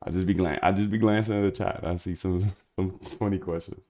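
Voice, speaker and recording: A man's voice: low-pitched, fairly even intonation, brisk, a little mellow. A man streaming live while he codes, rambling in slangy casual talk to himself and his chat. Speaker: livestreaming programmer.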